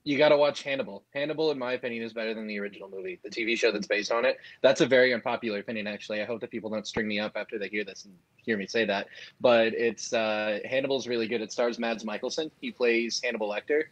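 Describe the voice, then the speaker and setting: A man's voice: fairly low pitch, fairly even intonation, fast, no room sound, lo-fi sound. Joking male co-host, dry sound. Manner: joking, opinionated. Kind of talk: casual pop culture chat.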